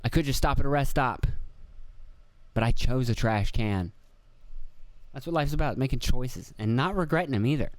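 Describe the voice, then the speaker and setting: A young man talks through a casual solo podcast in a loose, rambling way, swearing freely and poking fun at himself. His voice sits at an ordinary pitch and sounds close and dry, with no room around it. He slips into quoted voices as he tells stories. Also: normal speed, pauses often, dry recording. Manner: rambling, profane, self-deprecating, acts out quotes. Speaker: podcast host. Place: indoor room with video camera.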